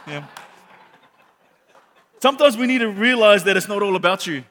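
A man preaching a sermon, animated, telling stories and acting out quotes, with many repeated words. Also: high-pitched, fast talker, long reverb tail. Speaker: pastor.

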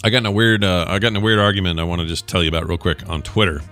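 Bright-voiced joking male podcast host. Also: deep voice, rapid-fire, soft background music. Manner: joking, rambling, shouts at times for comic emphasis. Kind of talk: casual chat. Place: studio, chewing jerky on air.

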